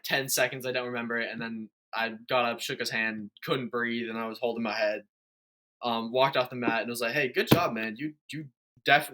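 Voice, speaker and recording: A young man with a medium-pitched, pushed and bright voice hosts a podcast in casual chat. He tells a long story full of fillers and restarts.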